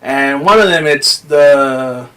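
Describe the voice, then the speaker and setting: A man's voice: a little high, slow pace. A man on a podcast telling a personal story in casual chat, swearing a lot and acting out what people said. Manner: swears often, animated retelling with quoted voices. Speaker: podcast co-host.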